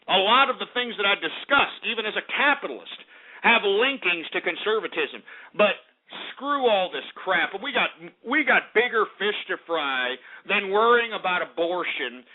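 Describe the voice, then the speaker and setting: A male radio host ranting angrily and profanely on a call-in talk show. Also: high voice. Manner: angry, profane, blustering. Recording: tinny lo-fi radio sound.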